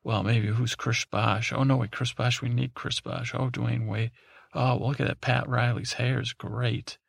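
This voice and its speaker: A man's voice: mid-range voice, flat delivery, a little slow, creaky, no echo, clean studio sound. A man mumbling as a naive TV-addicted spider. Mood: rambling. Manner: dreamy, confused, muttering. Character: naive male daddy long legs spider glued to TV.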